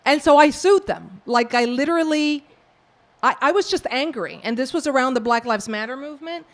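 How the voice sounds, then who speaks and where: A woman from the Bronx, an author and professor, answering audience questions with lively, acted-out storytelling. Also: sits high, normal speed. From New York, the Bronx. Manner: animated storyteller who acts out quoted exchanges. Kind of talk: book talk Q&A, storytelling.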